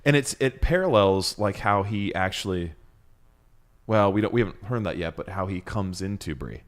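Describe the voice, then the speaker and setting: A man's voice: low-pitched, animated, moderate pace. A man co-hosting a book podcast in casual chat, playful and enthusiastic, joking with his friend. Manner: playful and enthusiastic, jokes around. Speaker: podcast co-host.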